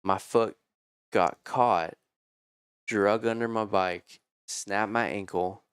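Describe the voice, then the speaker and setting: A man in his thirties telling casual stories about motocross racing, animated and swearing freely as he acts out what others said. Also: lowish voice, slow pace, smooth, dry recording, studio quality. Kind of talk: casual storytelling.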